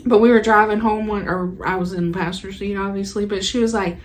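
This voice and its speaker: A young woman co-hosts a podcast, telling a childhood story in casual chat while teasing her co-host with sarcasm and laughing often. Her mid-range voice stays steady and quick, with slight background noise.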